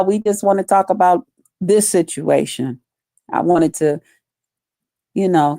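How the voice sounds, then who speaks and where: A woman's voice: deep voice, dark tone, dry recording, clean studio sound. A woman hosting a casual live stream, talking loosely with lots of profanity and greeting viewers by name. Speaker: livestream host.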